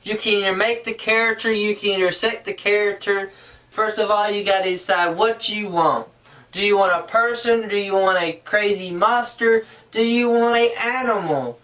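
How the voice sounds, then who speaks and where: A man's voice: high voice, steady tone, moderate pace, bright, forceful tone. Guy explaining stuff earnestly, kinda rambly, sounds far from the mic. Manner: earnest, rambling, often restarting sentences. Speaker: puppetry instructor. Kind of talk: casual how-to tutorial.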